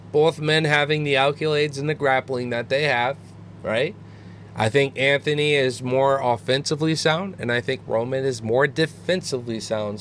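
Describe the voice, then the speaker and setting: A man's voice: mid-range voice, a little hiss or hum. A man co-hosting a podcast, breaking down fights with energy and plenty of swearing. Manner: energetic, profane, analytical. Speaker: podcast co-host.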